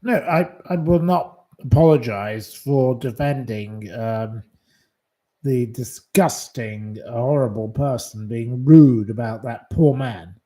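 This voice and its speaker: Slow and warm-toned at a medium pitch, a man hosting a live stream indignantly tells off commenters. His retorts are blunt, profane, and repetitive, built on short dismissals said again and again.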